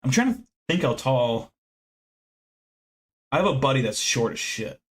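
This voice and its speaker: A man's voice: mid-range voice, very animated, unhurried, breathy edge. Casting: young American man, brash profane streamer, rambling brag. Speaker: livestream host. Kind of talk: casual livestream chat.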